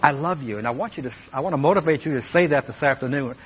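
A man's voice: on the high side, very fast, breathy edge, low-quality recording. A man preaching a sermon as pastor, speaking earnestly and with emphasis, and turning now and then to talk straight to his listeners.

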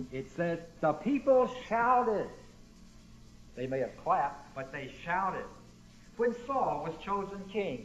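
Male pastor mid-sermon, higher-pitched, punchy emphasis, questions to the congregation; captured in dull, lo-fi sound.

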